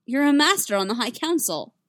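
A woman voicing an anxious, shaken young man who speaks in halting restarts. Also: big pitch swings, no room sound, natural voice. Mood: insistent. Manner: higher and louder, halting restarts.

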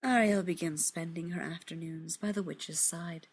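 Husky gravelly woman reading a story. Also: fairly low pitch, steady tone. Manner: hushed, measured, intimate. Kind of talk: literary story reading, often whispered.

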